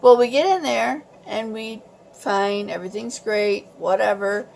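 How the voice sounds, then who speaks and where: A woman vlogger telling a story in a casual, animated and exasperated way. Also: mid-range voice, measured pace, vocal fry, slight background noise.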